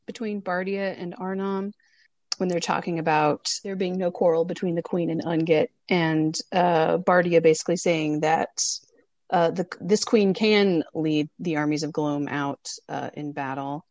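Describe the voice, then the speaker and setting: Relaxed woman chatting about a book. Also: fairly low pitch, unhurried, dry recording, highs cut off. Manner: relaxed, light laugh, fillers. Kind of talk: casual book discussion.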